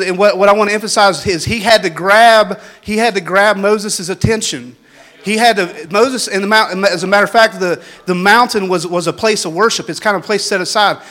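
A man preaching a sermon in a folksy, repetitive way, building up to shouted exhortations. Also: high-pitched. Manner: folksy, ungrammatical phrasing.

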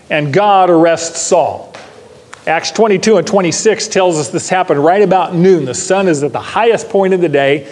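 A man's voice: high voice, darkish tone, long reverb tail. An older man preaching to a Bible class, emphatic, repeating key phrases and putting questions to his listeners. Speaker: pastor teaching a Bible class. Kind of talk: sermon.

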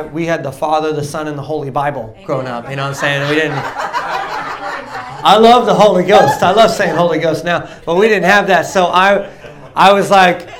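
Young male preacher in his twenties, animated testimony delivery, slightly raised pitch. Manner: animated storytelling, acts out dialogue, laughs often. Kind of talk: testimony sermon.

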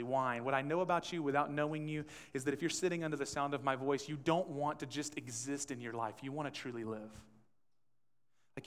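A man preaching a conversational sermon as pastor, acting out quotes and asking the room questions. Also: medium pitch. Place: church sanctuary. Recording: long church hall reverb.

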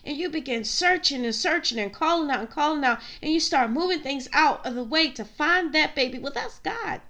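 A woman's voice: sits high, a bit bright. A woman preaching a sermon, fervent and direct, calling her listeners saints and queens.

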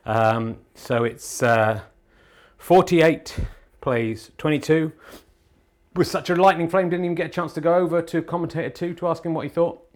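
Excitable man doing mock snooker commentary. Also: on the high side, a little fast, few pauses. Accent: English. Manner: excitable commentating with hesitant ums. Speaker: podcast host and snooker commentator. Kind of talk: comic mock sports commentary.

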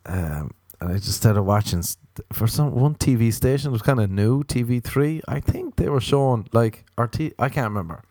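A man's voice: mid-range voice, lively intonation, normal speed, mellow, no echo, clean studio sound. A young Irish man hosting a podcast, rambling and swearing in a casual comic monologue, often slipping into playful quoted voices. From Ireland. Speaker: podcast host.

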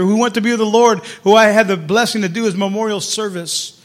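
A man preaching as pastor, telling his story quietly, then building to loud, fervent calls. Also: high-pitched, fairly quick. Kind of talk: sermon.

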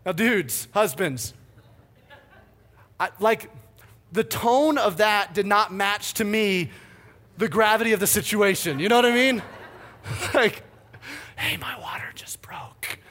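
A man in his thirties preaching a sermon, energetic and fired up, telling stories with big swings in his voice. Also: high voice, slow pace, long pauses. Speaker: pastor.

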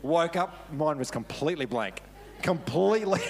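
A man's voice: fairly high pitch, lively intonation, normal speed, creaky. A man preaching a casual, storytelling sermon with self-deprecating humour, laughing often as he talks. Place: church service.

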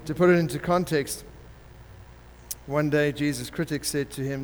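A man preaches a sermon with animated storytelling and slips into the characters as he tells it. His voice sits a little high for a man. It carries a long reverb, with faint noise behind it. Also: moderate pace.

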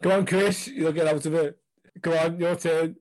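A man's voice: fairly high pitch, little pitch movement, moderate pace, darkish tone, a little hiss or hum. A man co-hosting a casual podcast, jokey and teasing, laughing often. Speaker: podcast co-host.

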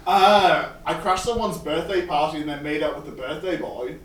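A man's voice: fairly high pitch, normal speed, low-quality recording. A man in the audience at a comedy show, joking and laughing along. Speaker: audience member.

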